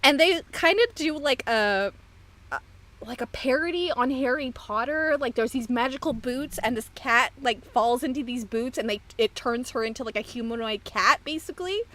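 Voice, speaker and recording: A woman's voice: fairly high pitch, normal speed, fairly bright tone. A woman hosting a podcast in casual chat, talking in a chatty, rambling way and laughing easily. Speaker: podcast host.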